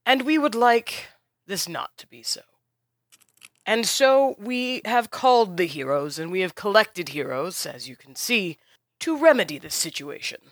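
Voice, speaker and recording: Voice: medium pitch, expressive, no echo, lightly acted. A game master voicing a formal half-orc woman leader. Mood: measured. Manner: measured, formal speech.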